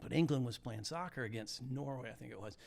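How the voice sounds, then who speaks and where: Gravelly older man telling animated stories. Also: medium pitch, fast talker. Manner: animated, laughs through his stories. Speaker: guest, former high school teacher. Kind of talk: casual storytelling chat.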